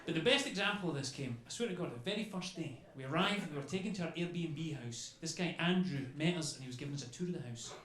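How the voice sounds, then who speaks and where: A young man doing stand-up comedy, telling stories in a chatty, animated way and swearing freely. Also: fairly high pitch, fast, hardly any pauses. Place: comedy club stage before a crowd. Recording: echoey club with crowd laughter.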